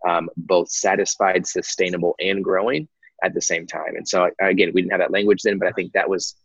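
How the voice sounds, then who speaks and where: A man's voice: deep voice, fairly even intonation, brisk, creaky, fairly bright tone, slightly rough, no room sound, muffled recording. A man, candidly telling his life story as a guest, rambling with lots of fillers. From Texas. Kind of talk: personal story in conversation.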